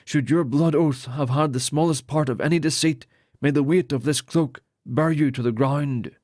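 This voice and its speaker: A man's voice: a little high, normal speed, a little mellow, no echo, clean studio sound, natural voice. A man voicing a solemn male lord who ordains priests, speaking in grave, formal pronouncements.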